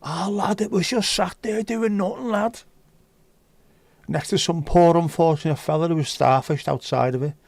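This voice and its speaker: Bloke doing a squeaky scouse lad, all cheeky and chirpy, dry room. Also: male voice, moderate pace, creaky, darkish tone, no room sound. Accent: Liverpool.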